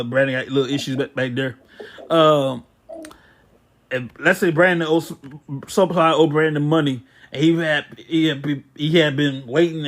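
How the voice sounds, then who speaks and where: This man talks in a slightly high voice, tripping and restarting his sentences as he chats on a podcast. He keeps turning the talk toward scripture, easygoing but preachy. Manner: stammers and restarts, repeating words. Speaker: podcast co-host. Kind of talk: casual podcast chat.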